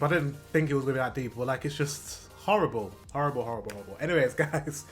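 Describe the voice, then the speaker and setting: A man's voice: mid-range voice, fast, hardly any pauses, faint music behind. A British man hosting a reaction video, talking earnestly and repeating himself when he gets emotional. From Britain. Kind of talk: casual reaction commentary.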